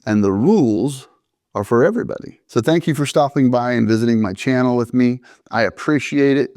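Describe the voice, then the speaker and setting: A middle-aged man tells an army story in his own voice, measured and deliberate, with a dry, matter-of-fact wit. His voice sits in a middle pitch for a man. The sound is close and dry, with no room around it. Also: a little mellow, no echo. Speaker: army veteran telling stories. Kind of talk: first-person storytelling to camera.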